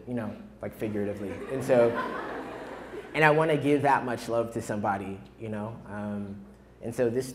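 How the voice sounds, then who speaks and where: Young man, performance poet, spoken-word recital, rhythmic swelling delivery, live in a hall, faint background hum. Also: medium pitch. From United States (New York). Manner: chatty joking banter, then rhythmic recited verse that swells and softens. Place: indoor college hall with a live audience.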